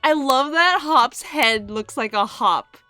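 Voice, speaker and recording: A woman's voice: high voice, animated, takes it slowly, pushed and bright, dry recording, faint music behind. A young woman streaming a video game, chatting playfully and giggling as she plays. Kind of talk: casual gaming commentary.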